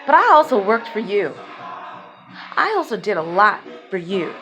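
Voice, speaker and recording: Her medium-pitched, fairly bright voice has a sing-song quality at a moderate pace. With music in the background, the vlogger rants about her grievances in a raw personal video, heated and swearing, her intensity climbing and dropping.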